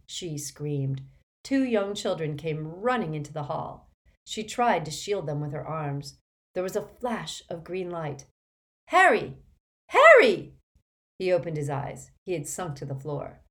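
A woman narrating an audiobook in an expressive, dramatic way. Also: deep voice. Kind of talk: scripted narration.

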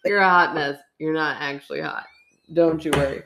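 A woman's voice: low-pitched, fairly even intonation, normal speed, gravelly, noisy background. Teasing, giggly woman co-host. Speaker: podcast co-host. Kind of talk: casual chat.

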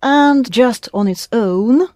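A woman's voice: fairly high pitch, slow, darkish tone, no echo, clean studio sound. A woman teaching a language class, patiently prompting her students with questions. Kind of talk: classroom lesson.

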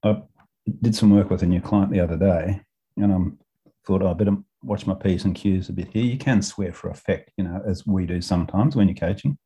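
A man's voice: sits low, brisk, dark tone, slightly rough. An Australian man co-hosting a coaching podcast, telling stories in a chatty way, swearing freely and laughing often. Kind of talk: casual chat.

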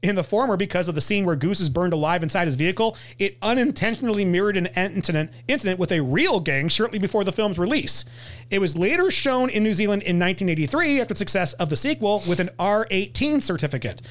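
Man, American, casual film podcast host, reads trivia, laughs a lot, high lively voice. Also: quick pace. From United States. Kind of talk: casual movie podcast chat.

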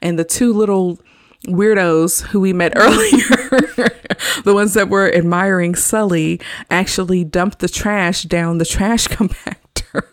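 A woman's voice: on the low side, measured pace, dry recording. Woman podcast host, chatty recapper, laughs through the story, dry close mic. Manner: chatty, laughs often while retelling scenes. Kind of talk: casual movie recap.

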